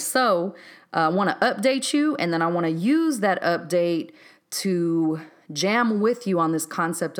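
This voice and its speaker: A woman from Texas with a Texas accent, hosting a solo podcast in a candid, chatty, unscripted way with easy laughs. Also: fairly low pitch. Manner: candid, chatty, laughs easily, says "y'all" and "um". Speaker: podcast host.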